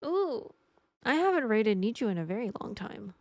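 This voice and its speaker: A woman's voice: on the high side, very animated, moderate pace, no echo, clean studio sound. A young adult woman chatting casually with her live-stream audience, rambling and joking at her own expense. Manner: chatty, rambling, self-mocking.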